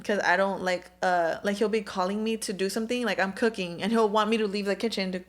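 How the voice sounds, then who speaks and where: A woman's voice: mid-range voice, fast talker. A young woman co-hosting a podcast, chatting casually and candidly, peppering her talk with "like" and "dude" as she tells stories with energy. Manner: candid, animated storytelling with frequent "like" and "dude". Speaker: podcast co-host. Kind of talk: casual chat.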